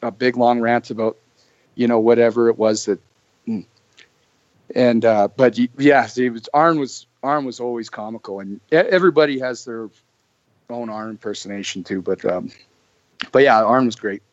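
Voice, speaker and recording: A man's voice: medium pitch, normal speed, dry recording. Rambling Canadian man telling stories. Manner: rambling, many restarts. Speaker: guest. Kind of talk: casual storytelling. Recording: dry muffled lo-fi audio.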